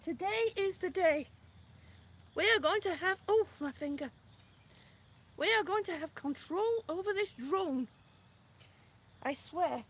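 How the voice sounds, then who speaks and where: A woman's voice: extremely high pitch, animated, unhurried, long pauses, slight background noise. A middle-aged woman vlogging outdoors in casual live-stream chat, chatty and a little exasperated, with sighs. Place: outdoors on grass. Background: crickets and passing cars.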